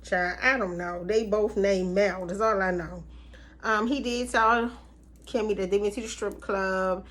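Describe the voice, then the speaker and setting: A woman's voice: medium pitch, steady tone, a little slow, a bit bright. A woman recapping a reality TV episode in a casual, chatty way, with slangy asides and frequent laughs. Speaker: TV recap vlogger.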